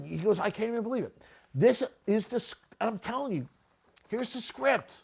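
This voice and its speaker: A man's voice: high voice, very animated, moderate pace, vocal fry, slightly rough. A middle-aged man hosting a podcast, talking bluntly and off the cuff, often repeating "listen" and "right?". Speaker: podcast host. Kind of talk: blunt unscripted monologue.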